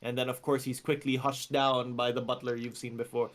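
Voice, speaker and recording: A man narrating a tabletop game as game master, describing scenes in a loose, relaxed way with frequent fillers. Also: mid-range voice, fairly quick.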